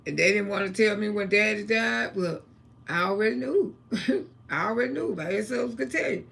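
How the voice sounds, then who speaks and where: Gravelly lady in her 60s, high bright voice, talks straight and salty on her livestream. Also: animated, moderate pace. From Florida, USA. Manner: blunt, salty, talks about God and family. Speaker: livestream host. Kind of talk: casual storytelling livestream.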